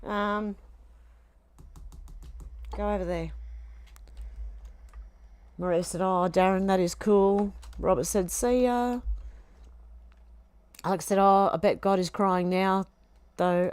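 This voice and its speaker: A woman's voice: medium pitch, fairly even intonation, slow pace, long pauses, darkish tone, clean tone, no echo. An Australian woman on a casual home live stream, reading chat comments aloud and chiding her cat between them.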